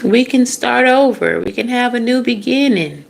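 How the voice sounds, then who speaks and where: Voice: medium pitch, moderate pace, creaky, slight background noise, pitched above the performer's own voice. A reader doing a whiny, pleading family voice with a country accent. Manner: whiny, guilt-tripping. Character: pleading guilt-tripping family member.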